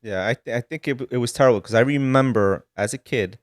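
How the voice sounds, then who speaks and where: A man who grew up in Sicily, a guest telling animated stories in casual chat. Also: mid-range voice, fast talker, no room sound, studio quality. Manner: animated storytelling with laughs.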